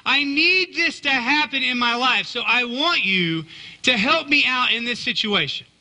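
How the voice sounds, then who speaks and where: A man's voice: extremely high pitch, expressive, a little slow, pushed and bright, heavily acted. Man doing a begging widow woman. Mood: pleading. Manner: insistent, begging. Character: desperate pleading widow woman.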